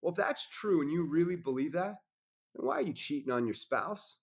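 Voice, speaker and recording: A man's voice: fairly high pitch, animated, a little fast, husky. A man talking as a podcast guest in casual conversation, intense and preachy, swearing freely.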